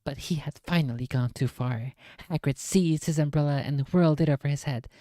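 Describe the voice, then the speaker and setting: Low voiced lady streamer reading a book, jokey asides, dry close mic. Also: brisk, dark tone, dry recording. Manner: playful, self-mocking asides.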